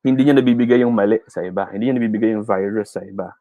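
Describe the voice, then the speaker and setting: Male teacher, Filipino accent, warm-hearted coaching tone, mixes Tagalog into English, dry video-call audio. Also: lowish voice, very fast, no echo, rough recording. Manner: encouraging, mixing Tagalog and English, chuckles often. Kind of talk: online speech class.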